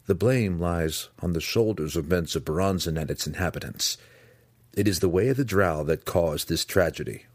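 A man reading aloud, voicing an earnest young male dark elf warrior who speaks with pressing intensity. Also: deep voice, moderate pace, breathy edge, no echo, studio quality. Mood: intense.

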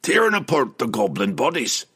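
A man voicing a gruff older male lord and father who speaks with rough, folksy grammar in a storybook reading. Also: mid-range voice, very animated, moderate pace, a bit bright, voice pushed up, heavily acted. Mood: hopeful.

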